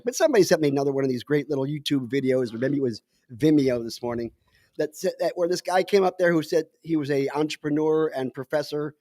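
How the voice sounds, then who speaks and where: A man co-hosting a casual chat show as the resident scientist, explaining things wryly with halting fillers. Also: medium pitch, a little mellow, no room sound. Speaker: scientist co-host.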